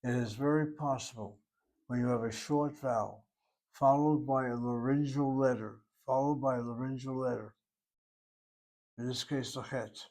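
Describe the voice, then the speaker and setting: A man's voice: medium pitch, steady tone, normal speed, darkish tone. A man teaching a recorded language lesson, working through each word aloud, step by step and methodically. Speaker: Hebrew teacher.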